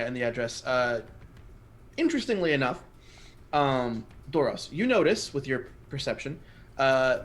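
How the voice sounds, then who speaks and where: A man's voice: mid-range voice, a little hiss or hum. A man narrating a tabletop game as game master, rambling with many fillers. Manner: rambling, full of fillers and restarts.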